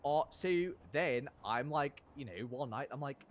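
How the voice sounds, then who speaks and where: A man's voice: medium pitch, measured pace, few pauses, slight background noise. A young man telling a rambling, slangy story in character while role-playing on a stream.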